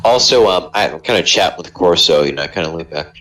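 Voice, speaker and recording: A man playing a tabletop game over a video call, talking in a relaxed, halting way. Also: low-pitched, rough recording. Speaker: player.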